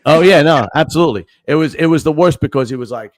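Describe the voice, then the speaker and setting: Profane, animated male storyteller, dry sound. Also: a little high, fast talker, no room sound. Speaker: podcast host. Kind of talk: casual storytelling chat.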